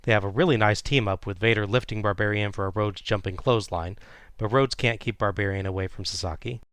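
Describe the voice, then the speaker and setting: A man co-hosting a podcast, retelling a wrestling match play by play in a steady, casual way. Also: lowish voice, fast talker, dry recording, studio quality. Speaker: podcast co-host recapping wrestling. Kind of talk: casual recap narration.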